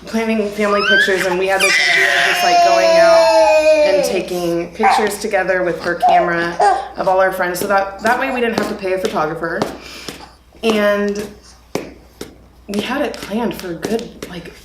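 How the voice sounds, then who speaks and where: A young woman telling her engagement story in a casual, animated way, laughing now and then. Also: mid-range voice, normal speed, echoey room, heavy background noise. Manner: animated, laughing as she retells the day.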